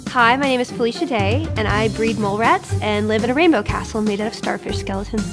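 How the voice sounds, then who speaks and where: A woman's voice: mid-range voice, quick pace, music in the background. A woman playing a board game as a guest, quirky and joking. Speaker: guest player. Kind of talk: casual chat over a board game.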